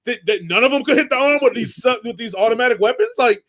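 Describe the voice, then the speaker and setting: A man co-hosting a podcast, giving an animated, jokey movie rant with swearing in a casual chat. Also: very high-pitched, fast. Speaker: podcast co-host.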